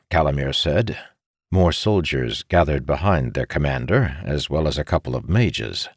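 A man narrating a fantasy story as an audiobook reader, in an expressive, dramatic way. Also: very deep voice, moderate pace, no echo, clean studio sound.

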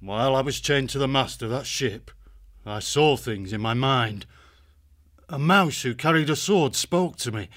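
A man playing a grave, protective young male badger warrior who speaks in an earnest, steady way, in a full-cast audiobook. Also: mid-range voice, measured pace, close to an everyday voice. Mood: solemn.

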